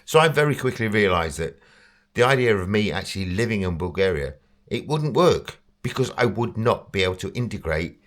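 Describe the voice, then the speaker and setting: An English man telling a casual, rambling story about himself, chatty and self-deprecating, often breaking into laughter. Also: low-pitched. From England. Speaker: vlogger.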